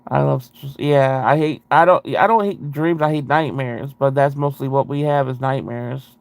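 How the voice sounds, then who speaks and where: A man's voice: medium pitch, normal speed, creaky. A man hosting a casual video chat, reading viewer comments aloud with a rambling, self-interrupting way of talking and frequent laughs.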